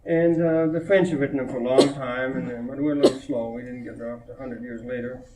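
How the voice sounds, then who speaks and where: On old reel-to-reel tape with a distant mic and lots of room echo, a Minnesota poet talks informally at a reading in a college hall, retelling a child's stories over a noisy crowd. His voice is medium-pitched and steady, and he speaks fast, chatty and amused, laughing between anecdotes.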